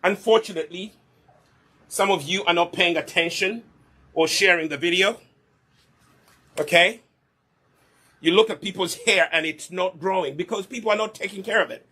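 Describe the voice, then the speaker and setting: A middle-aged man demonstrates hair care on camera, lecturing his viewers like a stern teacher. His voice sits a little high and sounds bright and tense, and he keeps asking whether they understand. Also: moderate pace, pauses often, husky. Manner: preachy, repeats questions like "Okay?" and "Do you understand me?". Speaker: hair care business co-owner demonstrating products.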